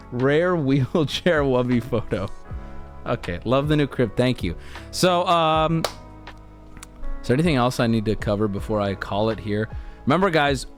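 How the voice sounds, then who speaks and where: An American man in casual stream chat, talking in a rambling, laid-back way. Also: mid-range voice. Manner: rambling, laid-back, often restarts and laughs mid-sentence.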